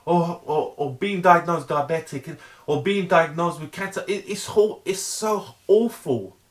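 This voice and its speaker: A middle-aged man giving an earnest, emphatic motivational monologue, repeating himself for emphasis and stumbling into restarts. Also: on the high side. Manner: earnest, emphatic, heavily repetitive; halting restarts. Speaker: vlogger.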